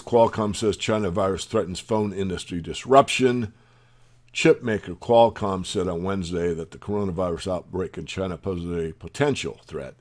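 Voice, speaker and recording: A man's voice: deep voice, darkish tone. A man hosting a newsletter video, reading news headlines aloud and adding his own opinionated asides. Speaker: newsletter host.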